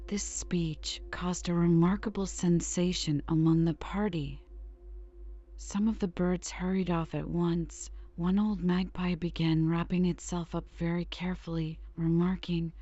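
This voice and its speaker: Slow, mellow woman reading a bedtime story. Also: on the low side, fairly even intonation, dull audio, soft background music. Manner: soft, unhurried, drifting into whispers. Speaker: audiobook reader.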